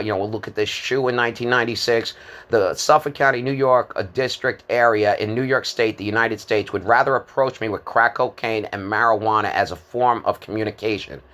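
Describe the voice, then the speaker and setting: A man's voice: medium pitch, sharp tone. A man in his fifties giving a rambling, disjointed monologue, hesitant, with many fillers and repeated words. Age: 50s.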